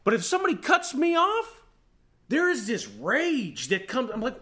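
Male pastor, high voice, animated storytelling sermon, acts out his own rants. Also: moderate pace.

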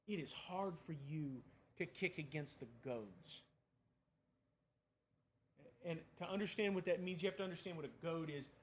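Man, high voice, preaching, conversational, emphatic, rhetorical questions. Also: moderate pace, long pauses, a little hiss or hum. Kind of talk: sermon.

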